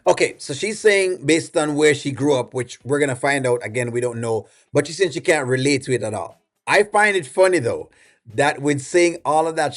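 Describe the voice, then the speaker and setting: A man with a Jamaican accent hosting a reaction video, giving rambling, opinionated commentary full of fillers. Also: medium pitch. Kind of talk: casual commentary.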